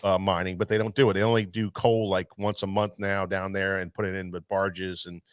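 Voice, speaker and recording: A tackle shop owner who also hosts a show rambles through a long fishing story in casual chat, restarting again and again. His low voice is smooth and level, delivered briskly with no room sound.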